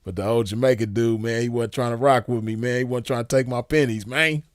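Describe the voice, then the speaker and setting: His voice is medium-pitched with fairly even intonation and a fairly quick pace, recorded in clean studio sound with no room sound. In his forties, he hosts a show and chats casually with viewers, relaxed and rambling, telling slangy stories and laughing easily.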